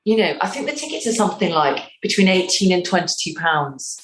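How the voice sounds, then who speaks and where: Animated northern English woman in an echoey room. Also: lowish voice, a little fast, slight background noise. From North West England. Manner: animated, acts out quotes. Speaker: playwright and actor. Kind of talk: interview.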